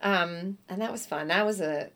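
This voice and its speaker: A middle-aged actress chatting as a guest in an interview, telling lively stories with acted-out quotes and frequent laughs. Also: female voice, on the low side, normal speed. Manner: animated storyteller, acts out quotes, laughs often. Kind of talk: casual interview chat.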